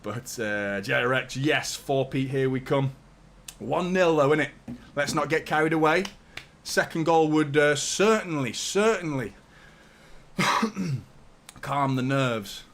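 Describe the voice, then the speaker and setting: With a fairly bright, medium-pitched voice, he talks slowly with long pauses over a little hiss or hum. He's a young fan channel host commentating a live football watchalong, chatting casually, swearing often and reading viewers' super chats.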